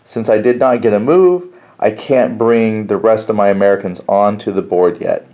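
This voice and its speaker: A man's voice: on the low side, moderate pace, mellow. A man thinking aloud as he plays through a tabletop war game alone, counting squares and reading out cards. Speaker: board game player and host. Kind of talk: solo tabletop game playthrough.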